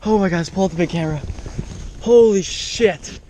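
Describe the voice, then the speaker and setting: A man with a high voice talks through a fishing trip in casual running commentary, enthusiastic and quick to exclaim. He is recorded outdoors on the water on an action camera, with a faint hiss behind him. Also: mellow. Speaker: fishing vlogger.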